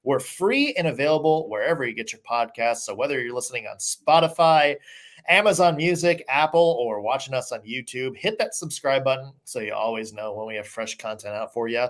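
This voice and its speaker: A man's voice: medium pitch, fairly quick, a bit bright. A man hosting a sports podcast, chatting casually in an upbeat way with lots of fillers. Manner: upbeat, conversational with many fillers. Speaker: podcast host.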